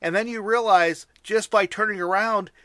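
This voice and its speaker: A man's voice: high-pitched, steady tone, moderate pace, bright, forceful tone, smooth, no echo. An American man in his forties, a father, hosting a casual chat and speaking earnestly with frequent restarts. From United States. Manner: earnest, repeats words when starting.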